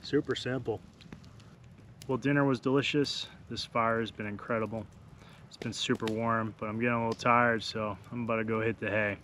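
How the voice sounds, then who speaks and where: A man's voice: medium pitch, fairly even intonation, brisk. A man vlogging a solo camping trip at a forest campsite, talking casually to the camera as he cooks and camps. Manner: easygoing, talks to camera while cooking, sometimes murmurs softly. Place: forest campsite outdoors by a fire. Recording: outdoor noise in the background.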